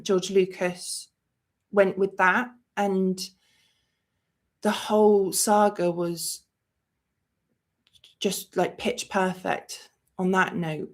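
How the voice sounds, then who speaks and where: A woman's voice: lowish voice, little pitch movement, slow pace, pauses often. A woman hosting a movie channel in a live-stream chat, talking emotionally and rambling with many fillers. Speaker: host of a movie review channel.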